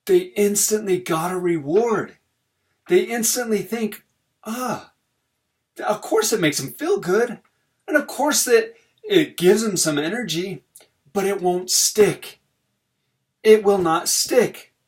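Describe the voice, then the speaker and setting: A middle-aged man talks about parenting in an earnest, conversational way, slightly higher-pitched than most men. He is a family therapist and often repeats a phrase to drive the point home. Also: expressive, slow, long pauses. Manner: earnest, conversational, leans on repetition. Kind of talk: informal talk on parenting.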